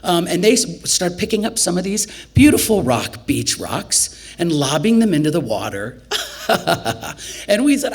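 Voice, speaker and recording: A woman from Nebraska telling a story on stage at a storytelling festival, conversational and animated, with laughter, acting out quoted lines with big leaps in pitch. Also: normal speed, husky. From Nebraska, USA. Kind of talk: live storytelling performance.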